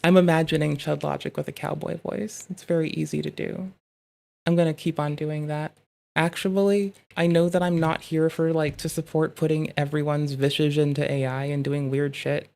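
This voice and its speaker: A streamer riffing through casual live reaction commentary, rambling from one tangent to the next and swearing freely. The voice sits at a mid pitch and is picked up close on a desk mic at a home setup. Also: little pitch movement, normal speed, creaky. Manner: rambling, profane, thinks out loud in riffs.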